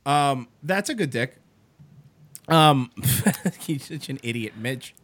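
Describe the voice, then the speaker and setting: A man hosts a radio talk show, telling stories with animated, mocking energy. His voice sits at an ordinary middle pitch. The sound is close and dry, as from a studio mic. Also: slow pace, no echo. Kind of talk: casual on-air storytelling.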